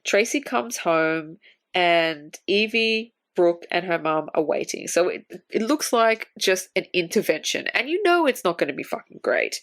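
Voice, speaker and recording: A woman talks through a film scene by scene on a podcast in casual, loose chat. She slips into animated quoted voices for the characters and swears freely. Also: lowish voice, measured pace. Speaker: podcast co-host.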